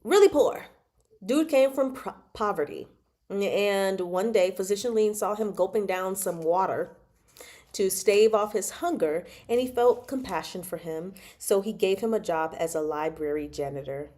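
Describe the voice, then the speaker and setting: A woman's voice: medium pitch, unhurried, mellow. A woman chatting casually about a novel she is reading, digressing often and laughing between remarks. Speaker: book club host.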